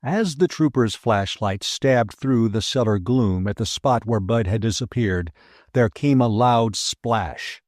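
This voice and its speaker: A man reading an adventure audiobook aloud with an expressive storytelling delivery. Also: fairly low pitch, measured pace, no echo, clean studio sound. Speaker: audiobook narrator. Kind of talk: scripted audiobook narration.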